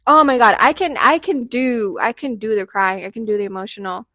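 Young woman, podcast co-host, higher voice, dry close sound, chatty and animated. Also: no echo. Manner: animated, chatty, laughs often, quick shifts in loudness. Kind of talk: casual chat.

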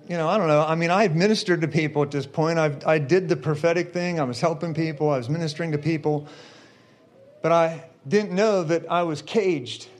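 A middle-aged man preacher telling a personal testimony, animated, building to shouts. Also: on the high side. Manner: animated storyteller, shouting at the climax.

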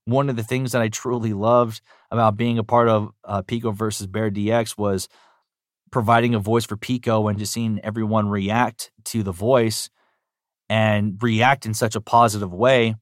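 A male voice actor answering interview questions in an upbeat, animated way, often saying "you know". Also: fairly low pitch, moderate pace, dry recording, clean studio sound. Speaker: voice actor guest.

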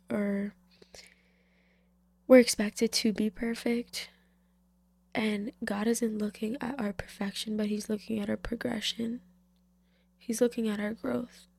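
A young woman giving an emotional personal faith testimony in a casual way, soft-spoken, often dropping to a whisper, with many fillers, tearful. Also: fairly high pitch, vocal fry, slightly rough, no echo.

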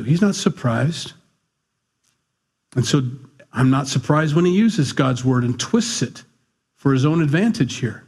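A middle-aged male pastor preaching a conversational, animated sermon with asides. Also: a little high, slightly rough.

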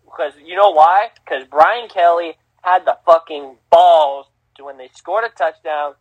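A man's voice: a little high, a little slow, no echo, highs cut off. Emphatic man talking college football. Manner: animated, emphatic, swears freely, restarts a lot. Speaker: podcast host. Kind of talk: casual sports talk.

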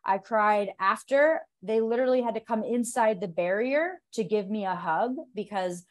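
A woman's voice: mid-range voice, normal speed. A woman from the United States, a jiu-jitsu athlete on a podcast, talking earnestly in long, run-on thoughts. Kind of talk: casual conversation.

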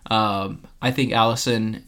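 A man's voice: fairly low pitch, steady tone, measured pace, fairly bright tone. A man co-hosting a casual sports podcast, talking in an earnest way full of ums and restarts. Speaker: podcast co-host.

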